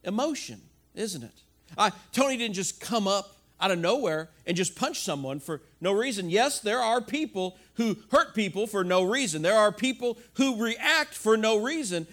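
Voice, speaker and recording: A middle-aged male pastor giving an animated, conversational sermon full of rhetorical questions. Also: sits high.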